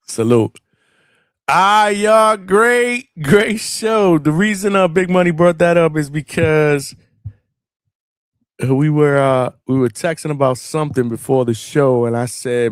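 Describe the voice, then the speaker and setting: A man's voice: a little high, measured pace, clean tone, dry recording, studio quality. A man hosting a late-night boxing call-in show, talking in a loose, slangy and profane way, with lots of "man" and "bro". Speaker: podcast host.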